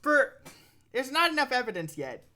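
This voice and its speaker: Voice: high-pitched, sing-song, normal speed, sharp tone. A streamer giving casual, rambling commentary while playing a game, with lots of "like" and filler. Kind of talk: casual let's-play commentary.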